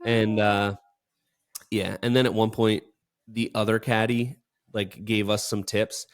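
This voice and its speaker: A young man with a somewhat low voice chats casually on a podcast. He tells a long story in a rambling way, full of fillers and restarts. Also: fairly even intonation, a little slow. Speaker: podcast co-host. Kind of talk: casual chat.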